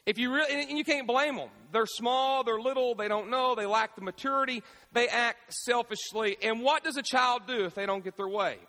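A man, preaching a sermon as pastor, animated, with call-and-response questions to the congregation. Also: extremely high pitch, moderate pace. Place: church sanctuary. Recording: echoey church hall.

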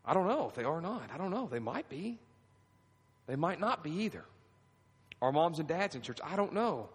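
Male pastor, 30s, fervent sermon delivery with amen call-outs, slightly high voice, reverberant sanctuary. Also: big pitch swings, moderate pace, husky. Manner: fervent, swings from quiet pleading to high emphatic preaching, asks the crowd for amens. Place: church sanctuary. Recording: long reverb of a church hall.

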